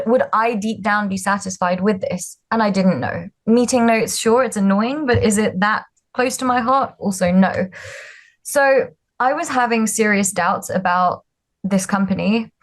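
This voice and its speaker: A young woman from the UK, a startup founder telling her story in a candid, self-deprecating way, with many fillers and restarts. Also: mid-range voice. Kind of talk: casual storytelling talk.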